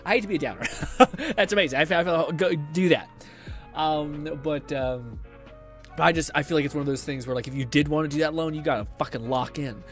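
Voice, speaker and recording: A man's voice: fairly high pitch, a little fast, a bit bright, faint music behind. A young man hosting a gaming livestream, rambling casually, swearing and laughing often as he chats. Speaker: livestream host. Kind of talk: casual gaming stream chat.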